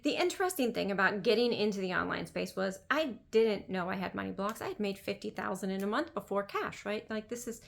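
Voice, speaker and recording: A woman's voice: mid-range voice, animated, a little fast, vocal fry, few pauses. A woman business coach talking in a casual monologue, emphatic and chatty, repeating phrases and saying "like" often.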